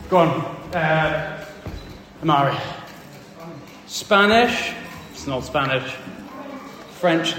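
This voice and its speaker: A man leading a lively church family talk, quizzing the children and reading from the Bible. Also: a little high, takes it slowly, pauses often. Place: large echoey church hall. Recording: echoey hall, distant mic.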